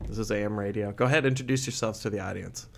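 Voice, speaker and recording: A man's voice: on the low side, very fast, vocal fry, a little hiss or hum. A man hosting a comedic radio-style show, bantering in a mock-serious, self-deprecating way. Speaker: host. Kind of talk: joking podcast-style radio chat.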